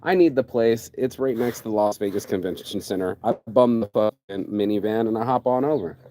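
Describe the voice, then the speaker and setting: A man's voice: on the low side, fairly quick, dry recording. A man telling a personal story in a casual rant, acting out both sides of the conversation and cursing freely. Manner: animated, acts out both sides of conversations, swears.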